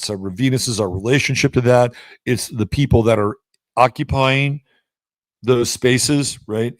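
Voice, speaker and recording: A man's voice: creaky, no echo, clean studio sound. A man hosting an astrology forecast in a blunt, chatty way, now and then jumping into playful acted-out voices. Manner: blunt, chatty, acts out voices with big pitch swings. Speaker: astrology show host. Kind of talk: casual astrology forecast monologue.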